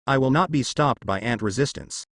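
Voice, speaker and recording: A man's voice: medium pitch, moderate pace, fairly bright tone, no echo, studio quality. A man reading a storybook voices an arrogant, scheming male god who rants with contempt. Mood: furious ranting. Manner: ranting, contemptuous.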